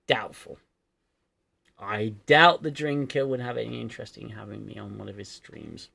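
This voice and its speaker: A man's voice: lowish voice, normal speed, vocal fry, sharp tone. A man hosting a casual livestream chat, hesitant and self-deprecating, often restarting his sentences. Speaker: livestream host.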